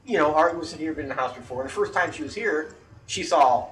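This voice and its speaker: A man co-hosting a casual chat, telling a story full of swearing and shouted outbursts. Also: a little high, quick pace, distant mic, a little hiss or hum. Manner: profane, animated storyteller, shouts quoted outbursts. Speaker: podcast co-host.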